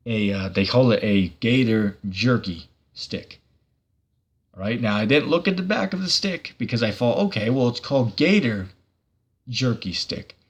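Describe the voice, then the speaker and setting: A man's voice: medium pitch, vocal fry, husky. A man hosting a casual livestream, reading viewer comments and talking about scripture in a rambling way, full of fillers and restarts.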